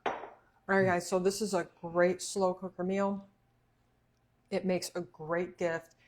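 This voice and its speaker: A woman's voice: fairly low pitch, flat delivery, slow pace, slight background noise. A woman hosting a casual cooking livestream, chatty and laughing often while she eats. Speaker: cooking show host.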